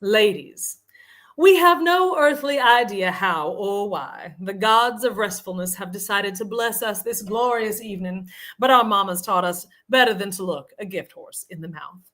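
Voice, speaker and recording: A genteel Southern lady with an affected Southern drawl, put on by a woman reading a comic email aloud. She speaks slowly and in ornate, flowery phrases, and her pitch swoops widely and expressively. The effect is grand and mock-stately. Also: expressive, a bit bright, natural voice. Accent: American Southern, affected.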